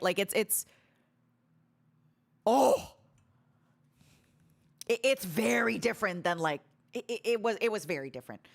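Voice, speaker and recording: Woman streamer, casual chat, lively up-and-down voice, blunt to-the-point delivery. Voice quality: animated, self-described harsh to-the-point tone. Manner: rambling with many restarts and fillers, sudden loud squeaky imitations.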